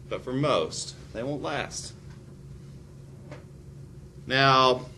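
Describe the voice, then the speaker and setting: A man teaching a recorded history lesson, animated and prone to sarcastic asides. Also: fairly low pitch, slight background noise.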